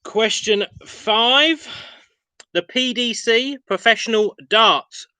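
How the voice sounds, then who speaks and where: A man's voice: very high voice, takes it slowly, bright, forceful tone, clean tone, no room sound, rough recording. A man hosting an online pub quiz, reading questions and answers with chatty, self-mocking asides. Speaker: quiz host.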